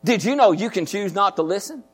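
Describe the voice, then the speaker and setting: High-voiced folksy male preacher. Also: animated, a little fast, slightly rough. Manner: folksy, repeats phrases, asks the congregation questions. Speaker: pastor. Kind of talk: sermon.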